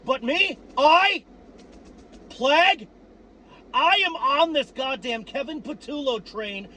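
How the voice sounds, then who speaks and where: A man giving profane, worked-up fan commentary on his team, repeating himself and breaking into shouts. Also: extremely high pitch, expressive, slow, long pauses, slight background noise. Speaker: sports fan vlogger.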